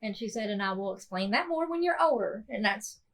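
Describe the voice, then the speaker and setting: A woman, hosting a podcast and telling a personal story softly, with many fillers and restarts. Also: mid-range voice, animated, a little fast, low-quality recording. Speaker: podcast host.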